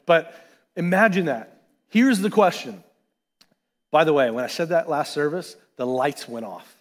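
Pastor, male, fairly high voice, chatty animated sermon, long church reverb. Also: normal speed. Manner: conversational, animated preaching with asides. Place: church sanctuary.

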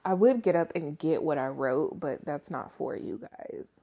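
A woman's voice: sits low, expressive, normal speed, warm tone, dry recording. A young woman hosting her own podcast from home, chatting loosely with lots of fillers, laughs and the odd swear. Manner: rambling, many fillers, swears, laughs often. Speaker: podcast host. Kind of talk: casual solo podcast chat. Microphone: handheld microphone.

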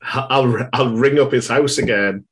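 A man's voice: medium pitch, measured pace, fairly bright tone. A man chatting as a player, wry and joking. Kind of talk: casual tabletop game chat.

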